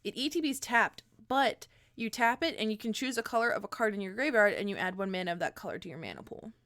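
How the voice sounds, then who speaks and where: Giggly, animated woman streamer. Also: medium pitch, quick pace, no echo, studio quality. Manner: playful, giggly, teasing. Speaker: streamer and deck-building co-host. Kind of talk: casual chat.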